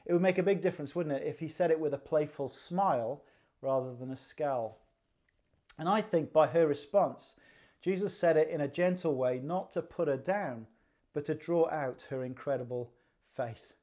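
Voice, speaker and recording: Guy giving a church sermon, chatty and a bit wry, warm soft voice. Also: fairly high pitch, normal speed. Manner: conversational, rhetorical questions, dry humor. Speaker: preacher. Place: church livestream.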